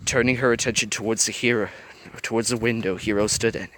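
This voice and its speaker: A man reading a fan fiction story aloud with animated storytelling. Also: on the low side, fast talker, a little hiss or hum. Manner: animated storytelling, varied voices. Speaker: reader.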